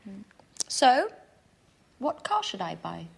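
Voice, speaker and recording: A woman's voice: mid-range voice, huge pitch swings, slow, gravelly, breathy edge, heavily acted. A woman playing an eager young woman asking advice. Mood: friendly. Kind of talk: scripted dialogue for learners.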